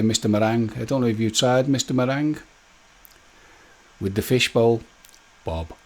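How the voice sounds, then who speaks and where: A man hosting a casual live stream, chatting with his viewers by name and joking as he goes. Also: mid-range voice. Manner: chatty and jokey, speaks straight to viewers by name; loose rambling talk with many fillers and restarts.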